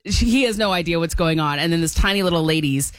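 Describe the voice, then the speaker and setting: A woman's voice: lowish voice, fast talker, smooth, dry recording, clean studio sound, faint music behind. A woman in her thirties, co-hosting a morning radio show and telling stories in casual banter. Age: 30s. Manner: lively storyteller, animated and laughing. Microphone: studio mic.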